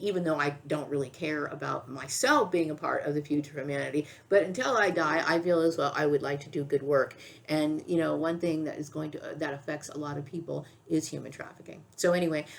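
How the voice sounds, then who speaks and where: A woman's voice: low-pitched, creaky. A middle-aged woman vlogging to camera in a rambling, agitated monologue, often tagging her sentences with "okay?". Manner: agitated, repetitive, keeps asking "okay?".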